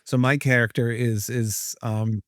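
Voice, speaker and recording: A man hosts a relaxed podcast and talks about tabletop games. He rambles, restarts sentences and drops fillers as he goes. His voice sits at a middling pitch and comes through a dry close mic. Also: a little slow, no room sound. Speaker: podcast host, priest. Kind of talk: casual chat about tabletop gaming.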